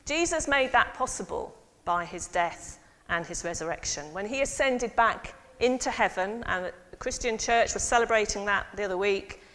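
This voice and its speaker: A woman priest giving a lively sermon and involving her congregation. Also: medium pitch, normal speed. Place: church. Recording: long church reverb.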